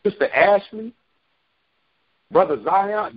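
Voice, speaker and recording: Man, bible study leader on a lo-fi call, lively, slightly husky, repeats himself for emphasis. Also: on the high side, normal speed. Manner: preachy, repeats phrases for emphasis. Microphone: phone conference call. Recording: dull lo-fi phone call.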